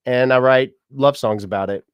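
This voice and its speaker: A man's voice: medium pitch, clear, resonant tone, dry recording, highs cut off. Upbeat male livestream host reading chat comments, mid-range voice, dry close sound, laughs easily and corrects himself on the fly. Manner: chatty and upbeat, often laughing, with quick self-corrections. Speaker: musician and mortician hosting a livestream.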